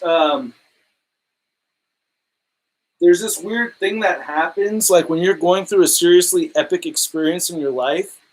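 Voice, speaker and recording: A man in his thirties chatting casually on a livestream while arranging collectibles at home, excitable and rambling, full of slang. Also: high voice, low-quality recording. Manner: excitable, rambling, says dude and epic. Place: home display room.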